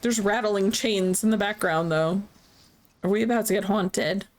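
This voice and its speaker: A woman's voice: medium pitch, normal speed. A woman streaming a game, chatting casually, laughing often and swearing freely. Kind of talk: casual let's play commentary. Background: faint game music.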